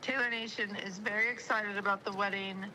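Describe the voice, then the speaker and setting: Brief: female guest, very bright voice, giggly slang-heavy chat. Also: medium pitch, steady tone, a little fast, slight background noise, rough recording. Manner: giggly, slangy insider talk. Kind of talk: casual chat.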